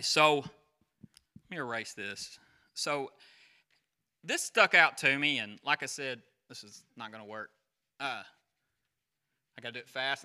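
Bright-voiced man preaching casually. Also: medium pitch. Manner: chatty, asks the crowd questions, goes off on tangents. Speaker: pastor. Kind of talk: conversational sermon.

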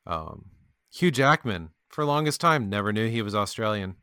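A man's voice: lowish voice, sing-song, normal speed, pushed and bright, smooth, dry recording, studio quality. A man co-hosting a podcast in casual chat, rambling with restarts and laughing at his own jokes. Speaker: podcast co-host.

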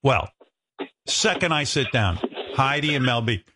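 A male radio host telling a story in casual chat, profane and self-mocking, leaping up in pitch whenever he acts out what other people said to him. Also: expressive, sharp tone, husky. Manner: acts out quoted people with quick pitch jumps.

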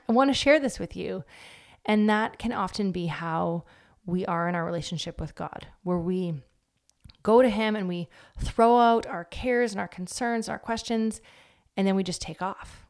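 A woman's voice: fairly low pitch, gravelly, darkish tone. A woman in her thirties giving a casual devotional talk, speaking conversationally with fillers and acting out little quotes. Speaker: Christian speaker.

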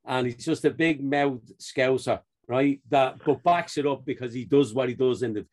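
Man, podcast co-host, chatty storyteller, laughs often, casual talk, medium pitch. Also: moderate pace, a little mellow. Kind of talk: casual chat.

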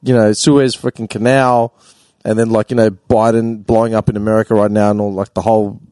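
A man's voice: on the low side, level tone, a little fast, warm tone, no room sound. A man in casual podcast chat, opinionated and rambling, full of "like".

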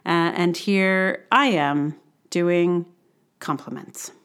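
A woman's voice: on the low side, extremely slow, fairly bright tone, clear, resonant tone. A woman hosting a podcast in casual chat, talking in a chatty, self-deprecating way with plenty of ums and uhs. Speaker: podcast host.

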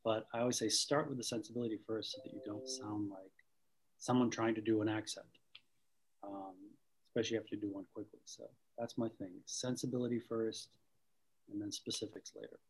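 In poor-quality audio, a man with a lowish, slightly rough voice talks at a fairly quick clip in a level tone. He's an acting coach from around Boston, reflecting carefully during a conversational interview full of restarts.

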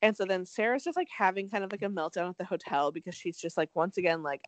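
Recapping a reality show on her podcast, a young female co-host chatters sarcastically, peppering her speech with "like" and swear words. Her voice is fairly low, and she talks quickly with few pauses. There's no room sound in the recording.

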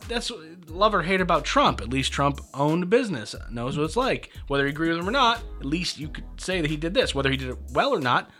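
A man co-hosting a podcast in casual chat, animated and opinionated, laughing easily. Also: fairly high pitch, fast talker, hardly any pauses, soft background music. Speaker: podcast co-host.

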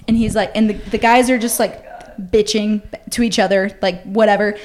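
A woman in her twenties, a podcast host telling a story in a casual, animated, profane way and acting out the voices of the people in it. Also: medium pitch, a little fast, slight background noise.

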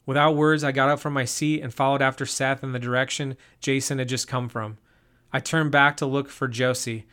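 A young man narrating a first-person camping story in a calm, measured way. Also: mid-range voice.

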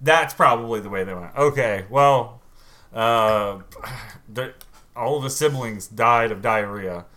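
A man's voice: medium pitch, slow. A man in casual chat, reacting and joking as he banters about a game. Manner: lively reactive banter, jokey. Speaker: podcast co-host.

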